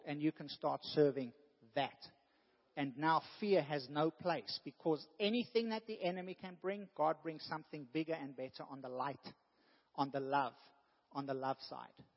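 An earnest male preacher with a fairly high voice who pushes into emphatic bursts as he makes his points. The sound is dull and muffled, with a long reverb trailing off the walls of a church hall. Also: vocal fry. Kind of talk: sermon.

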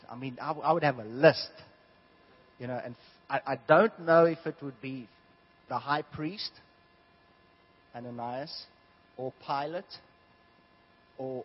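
A man from South Africa preaching a sermon, telling stories in an animated way that swings from hushed to loud. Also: mid-range voice, breathy edge. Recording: dull lo-fi sound.

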